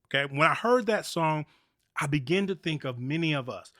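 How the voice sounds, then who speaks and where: A man hosting a motivational faith talk podcast, talking in an animated, preachy way and repeating key phrases. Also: fairly high pitch, normal speed, dry recording, studio quality. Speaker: podcast host.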